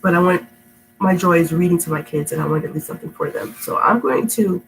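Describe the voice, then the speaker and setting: A woman's voice: fairly low pitch, slight background noise, low-quality recording. A middle-aged woman with a sick, stuffy voice who reads storybooks aloud to kids at home, then chats in a rambling, affectionate way. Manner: rambling, affectionate, laughs often. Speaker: storytime reader. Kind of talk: reading aloud to kids, then casual chat. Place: home indoors.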